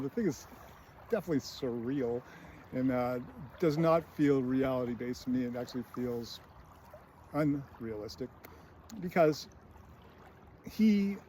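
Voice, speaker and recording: With a mid-range, darkish voice and slight background noise, a man hosting a screenwriting channel gives a casual film critique. He walks through scenes in a chatty manner, full of fillers and brief put-on voices.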